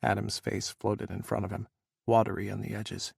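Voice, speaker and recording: Gravelly male audiobook narrator. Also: lowish voice, flat delivery, moderate pace, a little mellow, no echo, clean studio sound.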